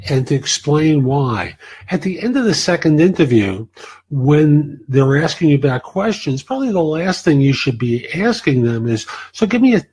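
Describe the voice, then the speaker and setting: Man, career advice host, husky voice, blunt and plain-spoken. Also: on the high side, expressive, normal speed, darkish tone, poor audio. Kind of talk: answering listener questions.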